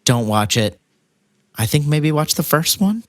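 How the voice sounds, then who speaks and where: A man co-hosting a podcast, talking in loose, rambling chat full of restarts and jokes. His pitch swings around a lot as he talks, and the sound is close and dry with no room around it. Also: very animated, measured pace, no echo. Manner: rambling, self-interrupting, jokey. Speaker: podcast co-host. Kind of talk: casual chat.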